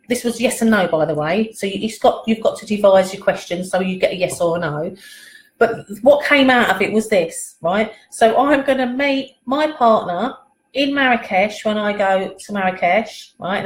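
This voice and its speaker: A woman's voice: mid-range voice, echoey room, a little hiss or hum, poor audio. A woman hosting a live pendulum reading at home, chatting casually and rambling, reading out viewer comments and laughing often. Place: at home, in a living room.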